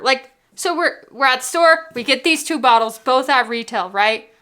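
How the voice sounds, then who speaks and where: A woman's voice: sits high, moderate pace, bright, forceful tone. A woman hosting a casual whiskey vlog from home, bubbly and gushing, full of "like" and "literally". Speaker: whiskey vlogger.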